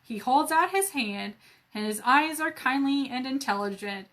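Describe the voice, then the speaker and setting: Bright, playful woman storyteller. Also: high-pitched, expressive, normal speed. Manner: playful asides, laughs at herself. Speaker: library storyteller. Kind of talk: reading a children's adventure book aloud.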